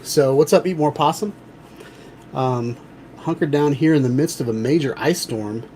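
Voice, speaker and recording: A man's voice: fairly high pitch, moderate pace, mellow, a little hiss or hum. A man hosting a casual livestream show, chatty and rambling with lots of fillers. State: out of breath. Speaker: livestream host.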